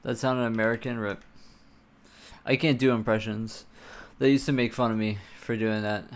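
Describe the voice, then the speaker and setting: A man's voice: on the low side, steady tone, normal speed. A man live-streaming his game engine coding, thinking aloud, muttering to himself and swearing casually.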